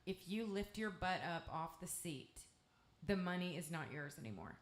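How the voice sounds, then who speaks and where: A woman with an East Texas accent spins a candid, salty, meandering story between songs. She talks at a slightly low pitch through a stage microphone. Her voice rings around an echoey live club room. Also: animated, normal speed. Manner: candid, profane, rambling storytelling. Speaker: guest singer-songwriter.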